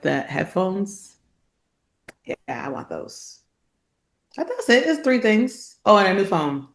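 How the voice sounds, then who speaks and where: A woman co-hosting a podcast in casual chat, an animated storyteller who acts out loud quotes of her father. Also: fairly low pitch. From immigrant family, not from this country. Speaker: podcast co-host.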